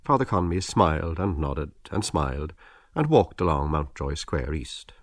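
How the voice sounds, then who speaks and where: A man narrating an audiobook in a measured, expressive literary reading. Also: a bass voice, dry recording, clean studio sound. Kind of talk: scripted narration.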